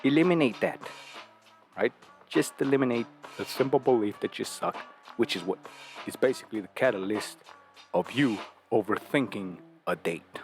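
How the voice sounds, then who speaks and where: A podcast host gives dating advice in casual talk, lecturing bluntly and profanely in a fairly low voice at a moderate pace. He keeps throwing out rhetorical questions, sounding like a show host laying down advice, while faint music plays quietly underneath.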